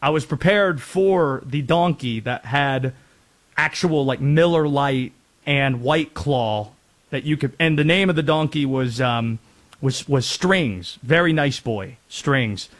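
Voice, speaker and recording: Chatty sports radio host. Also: male voice, mid-range voice, slow pace. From North Carolina, US. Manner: chatty, rambling asides. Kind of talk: casual sports talk.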